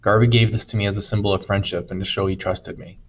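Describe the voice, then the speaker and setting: A man voicing a remorseful, gentle teenage boy who speaks earnestly. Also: lowish voice, level tone, fast, lo-fi sound, a little hiss or hum, lightly acted. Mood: sincere. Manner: earnest, pleading.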